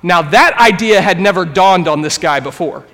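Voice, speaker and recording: Male pastor, thirties, earnest sermon, casual storytelling, slightly raised pitch, long hall reverb. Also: animated, moderate pace, a bit bright. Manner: earnest, conversational, acts out quoted voices. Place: church sanctuary.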